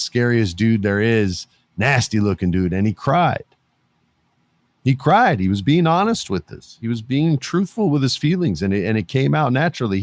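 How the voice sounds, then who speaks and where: A middle-aged man hosting a podcast, giving animated casual commentary, laughing often and swearing casually. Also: mid-range voice, no echo. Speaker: podcast host.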